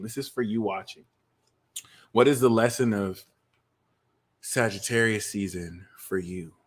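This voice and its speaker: A man hosting a casual astrology and tarot livestream, talking in an animated, profane, jokey way. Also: fairly low pitch.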